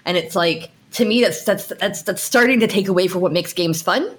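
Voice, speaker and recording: An American woman who co-hosts a podcast and works as a game designer chats casually, often restarting sentences and laughing. Her voice is medium-pitched and brisk.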